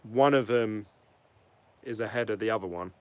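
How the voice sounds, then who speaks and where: A man giving a casual, rambling opinion vlog, blunt and quick to swear. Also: on the low side, no room sound. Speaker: crypto vlogger.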